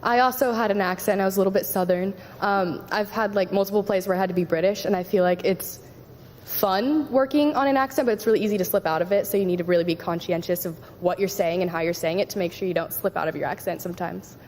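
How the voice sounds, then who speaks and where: A teenage girl, a student actor, chatting quickly about her work. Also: medium pitch, darkish tone, slight background noise. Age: teens. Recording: distant reverberant auditorium.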